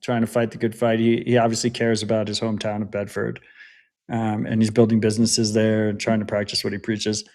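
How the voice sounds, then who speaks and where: A man's voice: lowish voice, completely flat delivery, a little fast, a little mellow. A man co-hosting a podcast in casual chat, talking loosely with fillers and restarts. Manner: hesitant, restarts with filler words. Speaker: podcast co-host.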